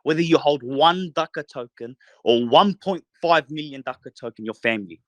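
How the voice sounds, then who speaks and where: Man, podcast host, fervent rallying monologue, profane, fairly high voice, dry close sound. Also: moderate pace, fairly bright tone, dry recording. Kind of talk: impassioned late-night podcast monologue. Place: bedroom in a holiday house.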